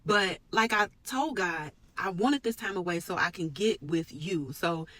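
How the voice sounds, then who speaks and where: A woman talking earnestly about her work and her faith in a personal vlog, with sudden lifts in pitch and force. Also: measured pace, fairly bright tone, no room sound, poor audio. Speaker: medical worker sharing a personal reflection.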